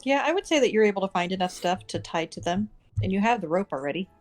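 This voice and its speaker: A woman narrating as dungeon master for a tabletop game, laid-back and quick to laugh. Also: mid-range voice, animated, faint music behind.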